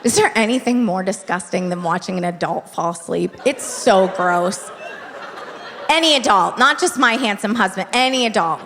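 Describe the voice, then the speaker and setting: A woman's voice: medium pitch, lively intonation, moderate pace, a bit bright. A woman doing stand-up comedy on a theater stage, chatty and confiding, checking in with the crowd into a handheld mic. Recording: reverberant live venue, faint noise.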